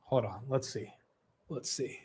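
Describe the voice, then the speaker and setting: A man's voice: medium pitch, unhurried, darkish tone. A young man hosting a long livestream, chatting casually, rambling, swearing loosely, and reading out viewer super chats. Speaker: livestream host.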